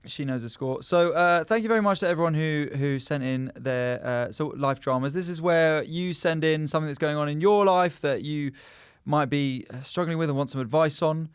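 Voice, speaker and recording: A man's voice: a little high, moderate pace, hardly any pauses, clear, resonant tone, no room sound, clean studio sound. A man hosting a comedy podcast, bantering and teasing his guest. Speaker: podcast host. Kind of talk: casual comedy podcast chat.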